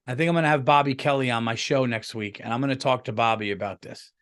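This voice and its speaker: A quick-talking podcast host with a mid-range, fairly bright voice rambles through a comedic monologue. Captured on camera with a podcast mic, he swears a lot and keeps restarting his sentences.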